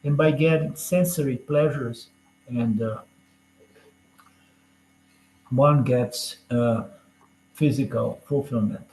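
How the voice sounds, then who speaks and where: Slow and darkish in tone, a medium-pitched male voice teaches scripture with long pauses in an echoey room. He lectures conversationally, peppering his explanations with "you know?" and jokes.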